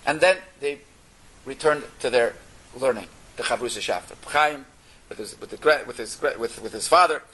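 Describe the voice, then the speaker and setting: A man telling a Torah story in an animated way, mixing Yiddish and Hebrew terms into his English. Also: a little high, rough recording.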